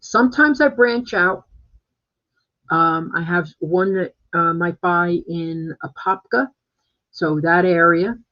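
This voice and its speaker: A man's voice: sits high, slow. A man working as a real estate agent, chatting casually on a live stream from home and rambling with plenty of fillers and restarts. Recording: dull lo-fi live-stream audio.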